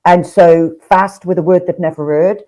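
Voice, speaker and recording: A woman with a Nottingham accent co-hosting a casual real estate chat, talkative and quick to swear and use slang. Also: lowish voice, steady tone, dark tone, rough recording. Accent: Nottingham English. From Nottingham, England. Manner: chatty, swears freely, slips into slang. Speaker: co-host, real estate professional.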